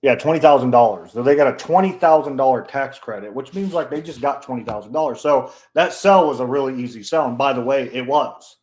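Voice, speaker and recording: A man chatting on a podcast, telling a story in a blunt, profane, animated way and acting out the people he quotes with a raised voice. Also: mid-range voice, fairly quick, hardly any pauses. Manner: profane, blunt, animated, pushes his own story hard. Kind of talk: casual storytelling chat.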